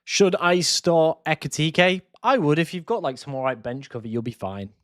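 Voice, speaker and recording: A man's voice: a little high, normal speed, fairly bright tone, no echo, clean studio sound. A man, casually answering chat questions on a live stream. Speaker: fantasy football streamer.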